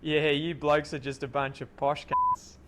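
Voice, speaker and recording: A man's voice: fairly high pitch, wildly swooping pitch, measured pace, very noisy. A man voicing a crude, blunt alter ego of himself with a broad Australian accent and a lazy drawl.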